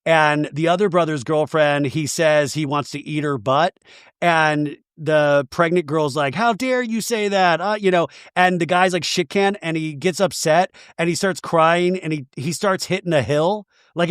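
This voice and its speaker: A man hosting a podcast, chatting casually and retelling reality TV scenes in a rambling, animated way. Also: a little high, moderate pace, clean tone, no room sound, studio quality. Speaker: podcast host. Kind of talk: casual chat about reality TV.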